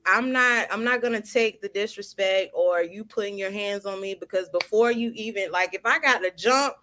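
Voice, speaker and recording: Woman, casual heartfelt talk, animated, laughs often, lots of "like". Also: mid-range voice, normal speed. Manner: animated, laughing, heavy "like" filler. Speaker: guest sharing her story.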